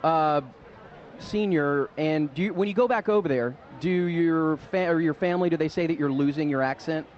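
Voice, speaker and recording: A teasing man with a slightly raised voice runs quick on-air chats with people at an outdoor event. The sound is dull and lo-fi, with the top end rolled off. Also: a little high. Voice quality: joking, teasing banter. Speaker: event interviewer. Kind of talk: live on-air roaming interview.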